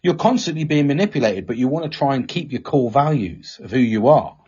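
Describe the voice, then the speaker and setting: A man's voice: mid-range voice, animated, fairly quick, a little mellow, slightly rough. A man hosting a casual, sweary, rambling chat show. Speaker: podcast host. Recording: muffled lo-fi audio.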